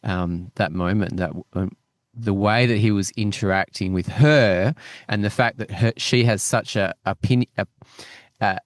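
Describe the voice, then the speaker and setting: A man's voice: on the low side, measured pace, no room sound, clean studio sound. A man co-hosting a podcast, chatting casually about a TV episode and gushing with enthusiasm. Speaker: podcast co-host. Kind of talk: casual chat reviewing a TV episode.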